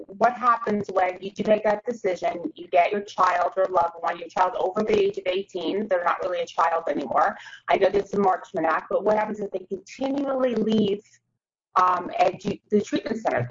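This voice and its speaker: A woman hosts a remote panel and asks long, halting questions full of fillers and restarts. Her mid-pitched voice is muffled, with a faint hiss behind it. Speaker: host. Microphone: video call.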